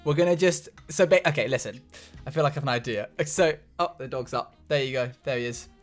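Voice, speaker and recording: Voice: medium pitch, quick pace, soft background music. A livestreamer chatting casually from home, laughing often and greeting viewers one by one. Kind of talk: casual live-stream chat. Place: home room.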